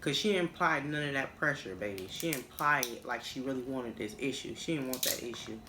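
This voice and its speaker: A young woman telling a personal story to her vlog viewers, animated and swearing freely, acting out the people she quotes. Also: extremely low pitch, a little fast, roomy sound, noisy background. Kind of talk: casual storytime.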